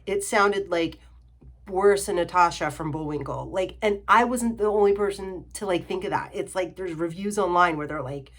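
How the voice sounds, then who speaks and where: A woman's voice: on the low side, normal speed. A young adult woman reviewing films in a sarcastic, exasperated rant, full of "like" and "you know.". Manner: exasperated, sarcastic, filler-heavy ranting. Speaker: film reviewer. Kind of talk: ranting film review vlog.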